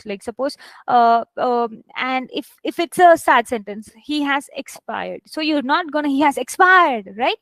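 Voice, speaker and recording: High-voiced woman teaching a live class. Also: dry recording, low-quality recording. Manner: chatty, addresses students as guys, many okays; models reading aloud with stressed words and pauses. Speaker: English test instructor.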